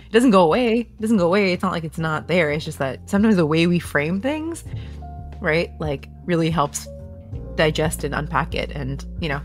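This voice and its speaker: Woman host, very low voice, reflective, faint music underneath. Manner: thoughtful, reflective. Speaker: podcast host. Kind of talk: casual interview.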